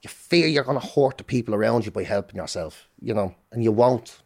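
Irish man, 40s, podcast guest, rapid delivery, emphatic, profane. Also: mid-range voice, creaky. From Ireland. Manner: emphatic, heavy swearing, repeats points forcefully. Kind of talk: candid interview talk.

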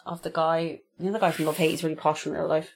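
An Irish woman co-hosts a podcast, talking quickly in a lowish voice. Her chat is loose and casual, with plenty of swearing. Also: little pitch movement. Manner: chatty, swears freely. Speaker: podcast co-host.

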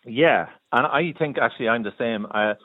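A man's voice: medium pitch, moderate pace, dry recording. Wry Sligo man on a phone line. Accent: Sligo Irish. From Sligo, Ireland. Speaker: caller. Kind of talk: radio phone-in chat.

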